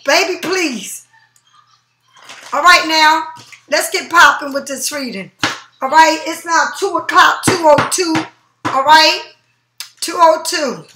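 High-voiced woman reader going off on commenters, swears a lot, aave, echoey room. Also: sharp tone, a little hiss or hum. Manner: profane, confrontational, slow emphatic stresses. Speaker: tarot reader. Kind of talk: angry rant to camera. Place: home.

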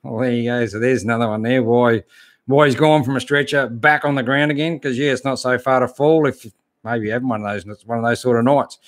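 A man in his fifties with an Australian accent, hosting a casual live stream and answering viewer comments in a relaxed way, with lots of fillers. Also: medium pitch, brisk. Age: 50s. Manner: easygoing, lots of fillers and "mate". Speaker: channel host reading live chat.

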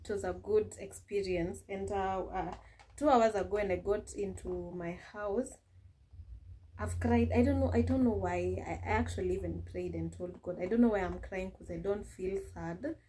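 Young Kenyan woman, vlogger, mellow tone, chatty, repeats words as she talks. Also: mid-range voice, moderate pace, a little hiss or hum. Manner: chatty, laughs often, many restarts. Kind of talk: casual vlog chat.

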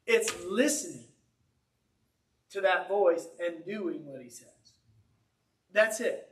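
A man, a pastor, telling a story in a sermon with an animated, conversational, humorous delivery in a church. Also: high-pitched, takes it slowly, reverberant, recorded from a distance, a little hiss or hum. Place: church sanctuary.

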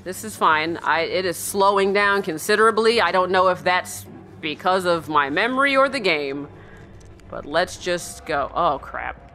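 Female let's-play host, bright tone, very animated delivery, jumpy and chatty while playing horror. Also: lowish voice, unhurried. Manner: jumpy, yelps and shrieks, then drops to a hushed mutter; talks to her in-game dog.

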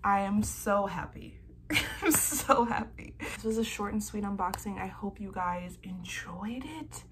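A young woman gushes through an unboxing at home, gasping and squealing as a devoted fan. She speaks slowly, stretching her words between bursts of delight. A faint hum sits behind her. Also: medium pitch. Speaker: vlogger. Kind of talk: excited unboxing vlog.

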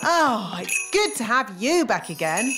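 A woman's voice: a little high, sing-song, unhurried, bright, forceful tone, faint music behind, heavily acted. A woman voicing a dry, sarcastic fairy nanny in a cartoon.

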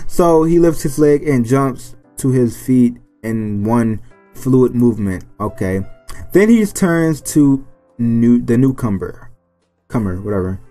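A man's voice: medium pitch, animated, normal speed, mellow, faint music behind. A man hosting a gaming channel, reading a visual novel aloud with joking commentary and stumbling over character names. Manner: playful, stumbles over names and jokes between lines.

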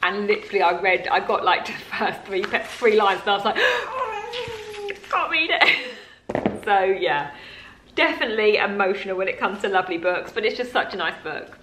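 A young woman chats away at a mid pitch, gushing and rambling with plenty of ums and likes. Her voice rings a little in a roomy home room, with a faint hum of ambience behind. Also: brisk. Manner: chatty, rambling, gushing, with many fillers. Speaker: mum vlogger. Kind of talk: casual chat to camera.

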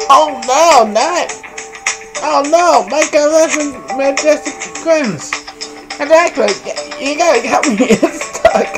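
A woman's voice: high voice, slow pace, poor audio. Giggly woman streamer over game music. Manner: giggly, laughs often, exclaims loudly. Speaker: gameplay streamer. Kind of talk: casual game commentary.

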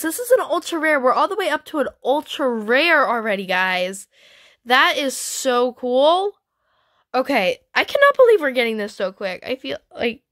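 A woman hosting a gaming channel, chatting excitedly as she trades in a game, with frequent gasps and squeals. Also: sits high, dry recording, clean studio sound. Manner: chatty, talks to viewers and other players. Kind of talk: playing a trading game while commenting casually.

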